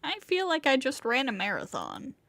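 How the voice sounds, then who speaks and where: A woman's voice: sits high, wildly swooping pitch, moderate pace, gravelly, a bit bright, dry recording, full character voice. Woman reading as a flustered young man narrator. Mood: bewildered. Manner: bewildered, rambling inner monologue.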